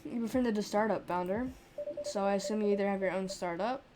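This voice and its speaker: A woman's voice: mid-range voice, fairly quick, background noise, natural voice. A woman reading the lines of a polite, curious young barista in a cozy game. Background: game music.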